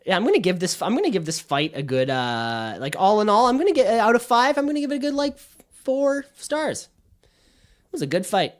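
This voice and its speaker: A man's voice: high-pitched, sing-song, brisk. A young man co-hosting a casual podcast, recapping a movie with lots of fillers and laughter. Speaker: podcast co-host. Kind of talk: casual chat.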